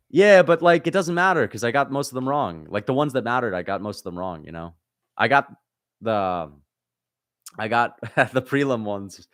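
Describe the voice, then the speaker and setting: A man hosting a livestream, reading viewer comments aloud and answering them in a casual chat. He is frustrated and swears often, jumping between loud outbursts and low muttering. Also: animated, normal speed, dry recording, studio quality. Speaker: livestream host reacting to fights.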